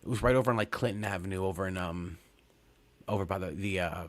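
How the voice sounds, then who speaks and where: Man, low voice, forties, from Long Island, rambling, swearing, casual podcast storytelling. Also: fast. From Long Island, New York. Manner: rambling, profane, many fillers and restarts. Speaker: podcast co-host.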